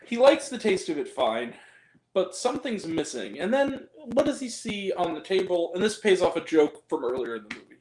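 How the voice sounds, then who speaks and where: A man's voice: sits high, sing-song, moderate pace, darkish tone, reverberant, a little hiss or hum, poor audio. A man hosting a casual spoken movie review, ranting and swearing in exasperation.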